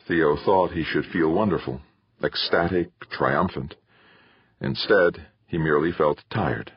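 A man narrating a science fiction audiobook in a measured storytelling manner, in a dull lo-fi recording. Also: low voice, slightly rough, dry recording. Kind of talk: scripted narration.

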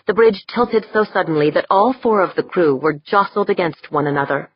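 A woman narrating a science-fiction audiobook in a measured, steady storytelling manner. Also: fairly low pitch, breathy edge, no room sound. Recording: slightly dull, dry audiobook recording.

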